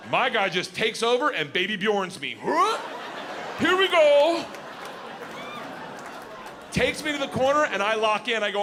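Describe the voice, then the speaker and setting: A middle-aged man doing stand-up storytelling on stage, loud and animated, shouting his punchlines over the laughter. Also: high voice, moderate pace, crowd noise. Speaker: stand-up comedian. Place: live comedy stage before an audience. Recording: live stage recording with audience noise.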